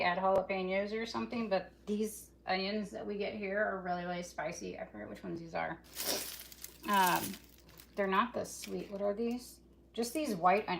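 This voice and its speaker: A woman's voice: mid-range voice, gravelly. A woman doing a live cooking vlog in her home kitchen, rambling chattily and talking straight to her viewers. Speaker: cooking vlogger. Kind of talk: casual live cooking chat. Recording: loud kitchen chopping noise. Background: chopping and kitchen clatter.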